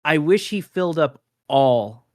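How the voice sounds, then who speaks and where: A man speaking as a guest artist in a casual interview, relaxed and hesitant, with many fillers. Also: a little high, unhurried, dry recording, studio quality.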